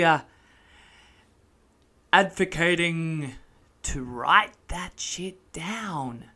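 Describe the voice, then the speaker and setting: A woman's voice: fairly low pitch, animated, a little slow, a bit bright. A woman, talking candidly and self-mockingly to her listeners, swearing freely. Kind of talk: casual monologue.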